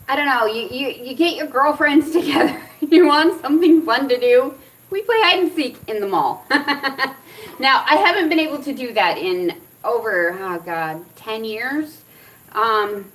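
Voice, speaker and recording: A woman's voice: on the high side, far from the mic, rough recording. A middle-aged woman vlogger from Arizona who tells a funny story with lots of laughter, then reviews a product in a casual chat. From Arizona, USA. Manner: animated, laughs often while telling stories.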